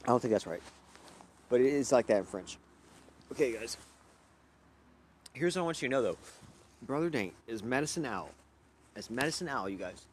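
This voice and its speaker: A man's voice: medium pitch, lively intonation, normal speed, long pauses, slight background noise. Profane, erratic young man from Louisiana. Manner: profane, loud and erratic, jumping between topics. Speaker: livestream host. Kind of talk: rambling casual livestream chat.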